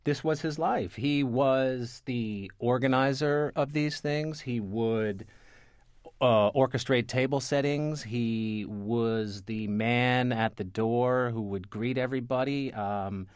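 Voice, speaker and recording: A man, a newspaper reporter, telling anecdotes in a relaxed interview, full of restarts, fillers and repeated words. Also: mid-range voice, measured pace, clear, resonant tone, no room sound, studio quality. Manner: rambling, many restarts and fillers. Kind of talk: conversational interview storytelling.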